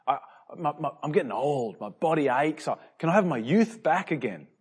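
A man's voice: a little high, moderate pace, slightly rough. Man doing a stammering, eager old man. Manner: stammering, excited. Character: eager, bumbling old man making wishes.

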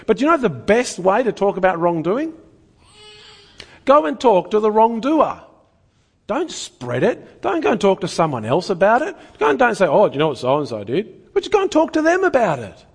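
A male preacher with a somewhat high, husky voice delivers a sermon. His pitch rises and falls a lot as he asks rhetorical questions earnestly and conversationally.

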